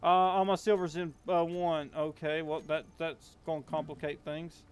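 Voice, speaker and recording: A young Southern-accented man from Appalachian Kentucky, US, drawls through casual game-stream chat, rambling with many fillers. His pitch is fairly high with little movement, his pace moderate, and there's slight background noise.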